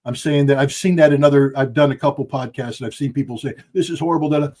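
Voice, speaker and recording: A man's voice: medium pitch, quick pace, darkish tone. A middle-aged man giving heated, emphatic podcast commentary from home, blunt and impassioned. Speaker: guest commentator. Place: at home with dogs.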